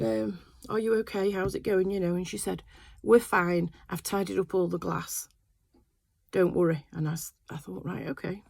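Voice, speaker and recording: A woman's voice: medium pitch, creaky, dark tone, breathy edge, no echo. Older woman, casual rambling chat, dry close sound. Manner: rambling, chatty storytelling with many fillers. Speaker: quilting vlogger. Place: home sewing room.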